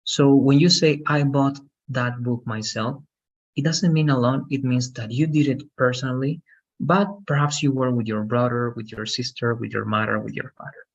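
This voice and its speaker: A man's voice: mid-range voice, steady tone, moderate pace, lo-fi sound. A man teaching English grammar one-on-one, explaining patiently and checking for understanding with frequent "okay?".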